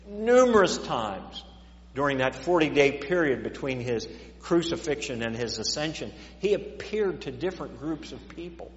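A man's voice: mid-range voice, lively intonation, moderate pace, a little hiss or hum. A man preaching a sermon in a church, repeating words as he stammers and rising and falling in volume. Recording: echoey dull church hall recording.

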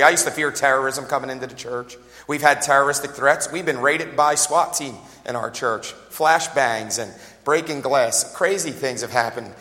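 Bright-voiced man preaching in a big hall. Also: a little high. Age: 40s. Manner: lively, joking, laughs often, calls out "amen?". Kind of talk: revival sermon.

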